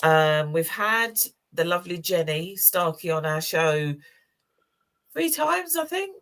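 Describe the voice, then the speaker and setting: A woman co-hosts a weekly community show. Her voice sits low and she tells personal stories warmly, often close to tears or laughing. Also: big pitch swings, takes it slowly. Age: 60s. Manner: warm, emotional storytelling with laughs. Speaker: co-host. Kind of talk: casual chat.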